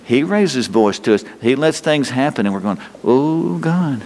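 A man's voice: mid-range voice, expressive, fairly quick, a little mellow. A middle-aged man preaching a sermon in a folksy way, asking his listeners question after question and chuckling often. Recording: long hall reverb.

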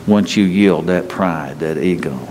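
Folksy pastor in a reverberant hall. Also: male voice, low voice, measured pace, darkish tone. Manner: folksy, joking asides with the congregation. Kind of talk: conversational sermon. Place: church sanctuary with congregation. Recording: long hall reverb, faint ambient noise.

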